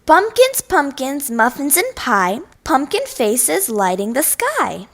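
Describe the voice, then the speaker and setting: A woman voicing an excitable, bouncy young boy frog who talks loudly and eagerly. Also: very high-pitched, extremely slow, pitched above the performer's own voice, full character voice. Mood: sing-song. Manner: loud, eager, sing-song.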